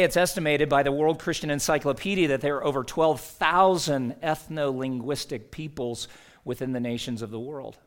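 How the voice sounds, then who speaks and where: A man delivering a sermon as a pastor, conversational, asking rhetorical questions and reading scripture aloud. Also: medium pitch.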